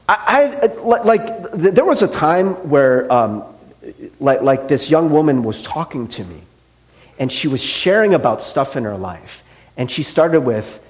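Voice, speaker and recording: Animated, chatty pastor, lively pitch. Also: male voice, moderate pace. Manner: conversational, animated, many "like" and "right?" fillers, acts out quotes. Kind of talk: casual sermon.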